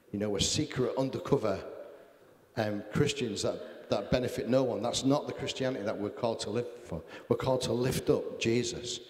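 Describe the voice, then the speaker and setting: Pastor preaching, mid pitch, church hall reverb, earnest and jokey. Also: male voice. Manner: earnest, self-deprecating preaching with Bible readings. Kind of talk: sermon.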